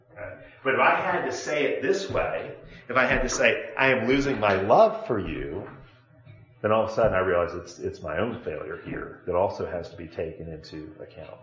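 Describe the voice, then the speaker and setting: A man's voice: medium pitch, fairly bright tone, echoey room, lo-fi sound. A man teaching a Bible lesson to a class, talking conversationally and asking his students questions.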